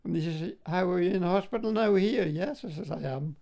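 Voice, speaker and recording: This high-pitched, creaky voice with a dark tone belongs to an elderly war veteran from Scotland, speaking a little fast. Recalling the past for an interviewer, he laughs softly and often says "like, you know."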